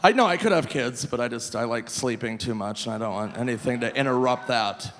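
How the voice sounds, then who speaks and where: A man in his forties from Minnesota doing a live stand-up set, animated and self-mocking, often breaking into laughter. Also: mid-range voice, brisk. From Minnesota, USA. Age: 40s. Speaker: stand-up comedian. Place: live theater stage. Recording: reverberant live venue, faint room noise.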